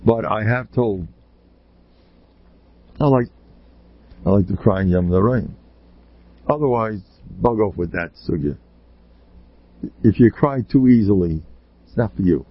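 A man, a rabbi, delivering a blunt and emphatic Torah lecture full of rhetorical questions, often pushing up into high exclamations. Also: a little slow, long pauses. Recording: slightly dull, lo-fi recording.

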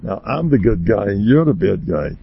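An older rabbi with a gravelly, husky voice rambles through stories and jokes, now and then jumping up to a loud exclamation. The recording is dull and lo-fi, and very dry. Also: male voice, on the low side, big pitch swings, moderate pace, no room sound. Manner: chatty and joking, jumps to loud exclamations. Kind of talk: rambling storytelling sermon.

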